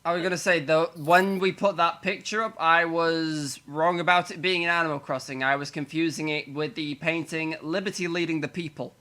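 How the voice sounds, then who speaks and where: A man's voice: fairly high pitch, steady tone, moderate pace, hardly any pauses, bright, forceful tone. A man co-hosting a podcast, correcting himself sheepishly in casual chat. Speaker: podcast co-host.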